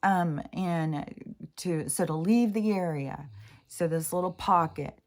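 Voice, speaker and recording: A woman's voice: lowish voice, slow. A woman speaking in a casual spiritual monologue, rambling and interrupting herself as she tells a story. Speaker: spiritual vlogger. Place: home near mountains in Washington State.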